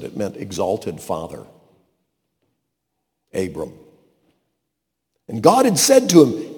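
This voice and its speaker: A man preaching a sermon, swinging from loud declarations to hushed asides and acting out quotes. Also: on the low side. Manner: dramatic shifts from loud to hushed, acts out quotes. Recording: long hall reverb.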